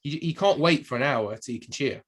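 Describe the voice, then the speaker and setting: A man's voice: medium pitch, lively intonation, brisk. Guy cohosting a podcast, joking around and rambling, laughs a lot. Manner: jokey, rambling, laughs often. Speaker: podcast co-host. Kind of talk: casual chat.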